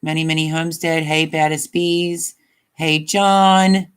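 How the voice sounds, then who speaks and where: A woman's voice: deep voice, fairly even intonation, a little slow, clean tone. A woman in her fifties hosting a casual live stream, chatting in a rambling way and reading viewer comments aloud.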